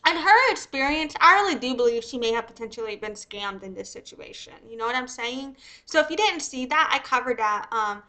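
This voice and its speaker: Bright, high-pitched woman ranting. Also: lively intonation. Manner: profane, heated, fast rants. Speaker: commentary streamer. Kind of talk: livestream commentary.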